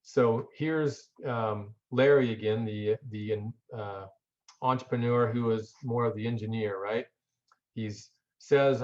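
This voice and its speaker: A man lectures in an easygoing, conversational manner, repeating words as he thinks and asking the audience rhetorical questions. His voice sits at an ordinary middle pitch. The recording is a bit dull and lo-fi. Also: fairly even intonation, unhurried, darkish tone. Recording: dull lo-fi audio.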